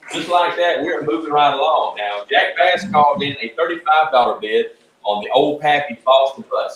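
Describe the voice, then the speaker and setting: A man hosting a live radio auction, reading out bids in a steady, plain way. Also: medium pitch, reverberant, a little hiss or hum, rough recording. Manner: steady, plain, with frequent uh fillers.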